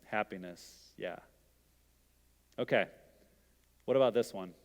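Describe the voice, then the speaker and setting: A man's voice: lowish voice, slow. A middle-aged man giving an interactive sermon, talking casually and asking the audience questions. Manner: conversational, asks the audience questions. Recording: long hall reverb.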